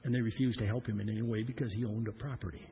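A pastor from Iowa preaching a personal story in an earnest, repetitive style that grows louder at its points. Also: male voice, fairly low pitch, fairly even intonation, racing, husky. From Iowa, USA.

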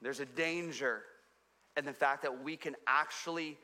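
A man preaching a sermon to his congregation, earnest and repeating phrases for emphasis, dropping low and quiet on his key points. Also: normal speed, long reverb tail. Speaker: pastor. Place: church sanctuary.

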